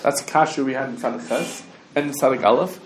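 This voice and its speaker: A man teaching a Talmud class to students, talking quickly and restarting often, with Hebrew and Yiddish terms mixed in. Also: mid-range voice. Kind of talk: casual Talmud study lesson. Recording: echoey room with faint background noise.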